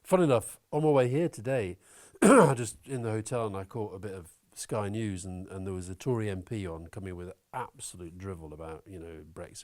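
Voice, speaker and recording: Lowish guy giving his opinions in an interview, animated, swears a bit. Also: a little fast, few pauses. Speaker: interview guest. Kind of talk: conversational interview.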